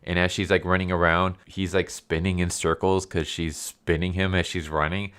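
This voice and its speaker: A man with a deep, smooth, clear voice recaps a movie plot for his review channel. He rambles casually with plenty of fillers and restarts. His tone stays amused throughout. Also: level tone, moderate pace, fairly bright tone.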